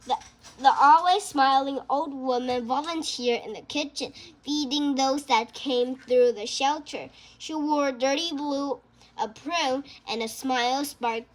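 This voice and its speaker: A woman reading a children's novel aloud, halting and often stumbling and restarting words. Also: high voice. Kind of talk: storybook read-aloud.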